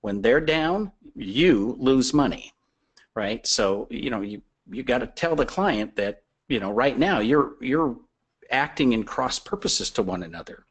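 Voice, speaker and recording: A man speaks as a guest expert on a webinar. He talks in a mid-pitched voice, conversational and persuasive, and drops in stories to make his points. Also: expressive, unhurried, slightly rough. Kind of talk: explaining business advice on a webinar.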